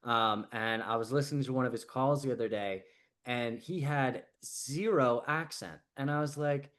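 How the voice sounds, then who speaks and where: A man's voice: mid-range voice, moderate pace. A man coaching a group call in a casual, chatty way, filling his talk with "like" and "right?" and acting out quoted people. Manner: casual, lots of "like" and "right?", animated quoted asides.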